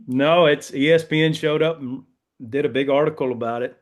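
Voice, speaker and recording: A man's voice: on the high side, fairly even intonation, fairly quick. A man from Louisiana with a Southern US accent, a guest telling stories in an easygoing, casual interview chat. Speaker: guest, duck call maker.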